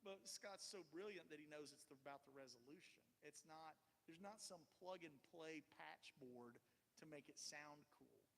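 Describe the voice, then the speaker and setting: Chatty guitarist in a reverberant shop. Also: male voice, a little high, normal speed, vocal fry, fairly bright tone, a little hiss or hum. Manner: chatty, encouraging, full of fillers. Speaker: guitar clinician. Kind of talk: casual live clinic talk.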